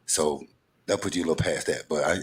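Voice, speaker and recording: A man's voice: rumbling low, fast. A man with a Southern accent hosting a casual interview, playful and rambling, repeating his phrases as he goes. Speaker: talk show host.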